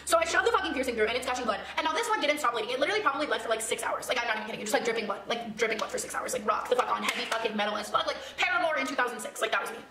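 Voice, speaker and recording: A woman's voice: on the high side, animated, very fast, few pauses, reverberant. A woman telling a dramatic storytime in a vlog, swearing a lot. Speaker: vlogger telling a story, clip played in a reaction.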